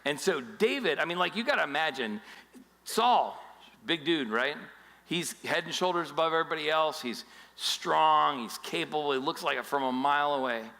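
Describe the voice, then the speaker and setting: A male pastor preaching a sermon in a lively, joking storytelling style. His voice is bright and fairly high for a man. It carries a long reverb from a large hall. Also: moderate pace, creaky.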